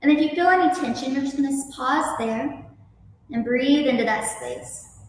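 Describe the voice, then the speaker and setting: A woman yoga instructor speaking calmly, gently guiding breathing and stretches. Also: high voice, normal speed, very echoey, in a large hall, distant mic, slight background noise, low-quality recording. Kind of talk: guest interview then guided yoga instruction.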